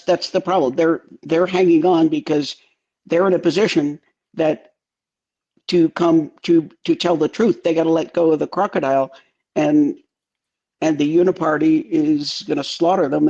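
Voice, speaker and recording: Gravelly man on a dull remote line. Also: a little high, fairly even intonation, dark tone. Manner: rambling, halting, anecdotal. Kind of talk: political live-stream talk.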